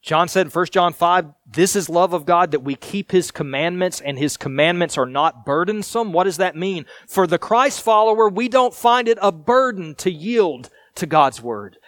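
A man pastor preaching a sermon, reading scripture and explaining it in an earnest way, sometimes raised and sometimes hushed. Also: sits high, lively intonation, normal speed, hardly any pauses, no room sound.

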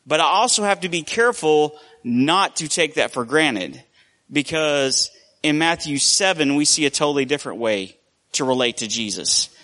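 A man's voice: on the high side, lively intonation, moderate pace, sharp tone. Man preaching a conversational sermon. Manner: conversational storytelling preacher, shifting pace. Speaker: pastor.

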